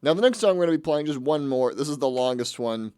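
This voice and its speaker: A man's voice: on the high side, lively intonation, fast talker, a little mellow, clean tone, dry recording, studio quality. A man hosting his own radio show, chatting casually between songs in a rambling, amused way and often correcting himself mid-sentence. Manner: rambling, amused, with frequent restarts and self-corrections.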